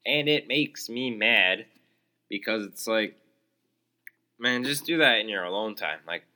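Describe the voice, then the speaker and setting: Bright-toned young man ranting sarcastically. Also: fairly low pitch, expressive, measured pace. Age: young adult. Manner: exasperated, sarcastic ranting with many fillers. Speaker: podcast host. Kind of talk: solo ranting podcast.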